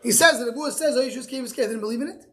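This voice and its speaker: Very high-pitched, bright, and forceful, a male rabbi speeds through his daily Talmud class. He reads each line of Aramaic text aloud, then explains it in English, frequently repeating words while searching for phrasing.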